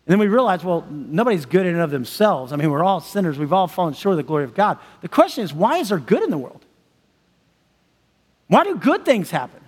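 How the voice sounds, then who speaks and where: High-voiced enthusiastic man preaching. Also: very animated, fast. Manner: enthusiastic, chatty with frequent laughs. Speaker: pastor. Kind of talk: sermon. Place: large church hall. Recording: long church-hall reverb.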